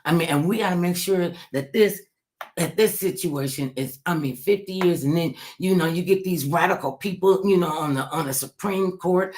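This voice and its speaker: A woman's voice: on the low side, moderate pace, darkish tone. Impassioned woman host preaching to viewers. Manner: preachy, repeats phrases for emphasis; rhetorical questions addressed to listeners. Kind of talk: impassioned livestream monologue.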